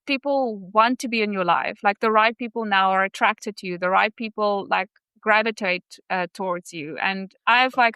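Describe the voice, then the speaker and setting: Bright, clear-voiced grateful woman guest. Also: medium pitch, no echo. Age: adult with a young son. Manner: effusive, grateful, chatty. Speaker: podcast guest. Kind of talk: casual interview chat.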